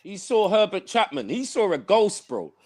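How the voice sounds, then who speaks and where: Young guy, high lively voice, slangy football banter, emphatic repeats. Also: moderate pace. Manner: animated, slangy, emphatic repetition. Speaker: podcast co-host.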